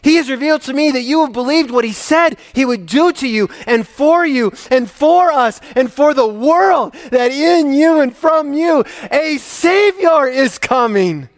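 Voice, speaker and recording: A man's voice: very high-pitched, lively intonation, slow, voice pushed up, exaggerated voice. A man voicing an overjoyed elderly woman, effusive and exclaiming blessings. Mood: joyful.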